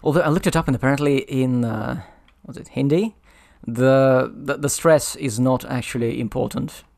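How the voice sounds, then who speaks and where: A man's voice: medium pitch, moderate pace, vocal fry, darkish tone. A man playing a strategy board game on his own, thinking aloud and muttering over the rules as he decides his moves. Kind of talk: solo board game playthrough commentary.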